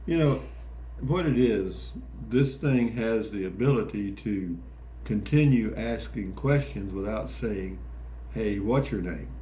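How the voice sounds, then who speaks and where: A man's voice: on the low side, lively intonation, slow, mellow. Folksy man in an echoey room. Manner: folksy, rambling and jokey. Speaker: vlog host. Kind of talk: casual morning chat to camera. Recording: echoey room with faint ambient noise.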